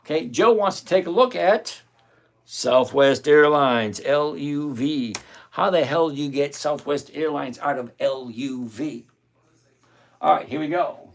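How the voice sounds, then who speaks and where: Gravelly, blunt livestream trading host. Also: male voice, on the high side, a little slow. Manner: blunt and animated, thinks aloud, greets viewers by name. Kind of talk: live options-trading stream, reading viewer requests.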